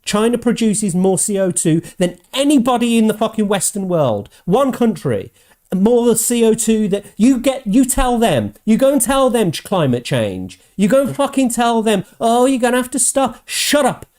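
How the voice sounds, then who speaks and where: A man hosting his own show, ranting angrily with constant swearing and mocking quotes in a higher voice. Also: sing-song, normal speed, mellow. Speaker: host. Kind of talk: ranting commentary.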